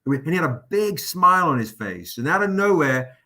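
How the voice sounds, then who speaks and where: A man hosting a livestream, telling an anecdote in a casual, animated, profane way. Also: fairly high pitch, brisk. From England. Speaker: comic publisher hosting a livestream.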